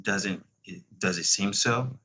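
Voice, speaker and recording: A man voicing a composed, centuries-old male vampire, in a measured and unhurried read-aloud manner. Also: lowish voice, sharp tone, a little hiss or hum, rough recording. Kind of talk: reading a novel aloud.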